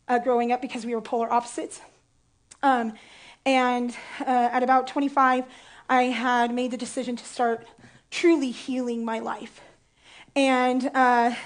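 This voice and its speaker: Woman preacher, pretty high voice, talks real candid and jokey, gets emotional telling her story. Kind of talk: sermon with personal story.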